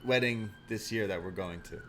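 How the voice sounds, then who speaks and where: A man's voice: fairly low pitch, moderate pace, a bit bright, slight background noise. A man co-hosting a podcast in casual chat, talking loosely with lots of fillers and easy laughs. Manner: chatty, laughs easily, many "like" fillers. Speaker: podcast co-host.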